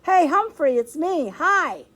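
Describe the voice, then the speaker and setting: Woman reading as an excitable young boy, breathy, lively. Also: fairly high pitch, heavily acted. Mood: excited. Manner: excited, rushing.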